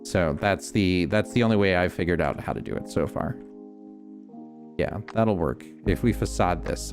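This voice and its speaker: A man streaming a game, calmly explaining each step as he builds and thinking aloud. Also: sits low, vocal fry. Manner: relaxed, many ums and restarts. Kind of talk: casual gameplay commentary.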